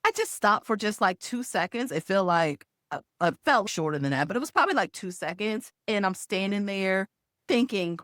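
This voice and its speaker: Lively, animated woman storyteller. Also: medium pitch, normal speed, no room sound, studio quality. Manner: expressive storyteller who acts out sounds and voices. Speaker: video host and former HR executive. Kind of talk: animated personal storytelling to camera.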